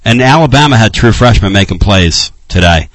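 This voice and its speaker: A man's voice: fairly low pitch, animated, normal speed, no room sound. Passionate male radio host. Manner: emotional, passionate. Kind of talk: sports talk radio.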